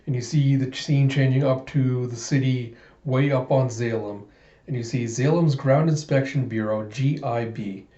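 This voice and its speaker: A man's voice: medium pitch, fairly even intonation, normal speed, warm tone. A man reading a comic aloud in a casual, chatty way, often laughing. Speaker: comic reader. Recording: echoey room, dull lo-fi sound.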